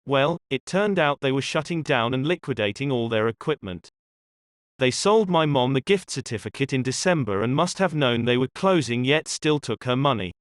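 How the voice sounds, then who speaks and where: A man hosting a channel and narrating stories in a scripted, even read-aloud delivery. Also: medium pitch, normal speed, no echo, studio quality. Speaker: channel host and story narrator.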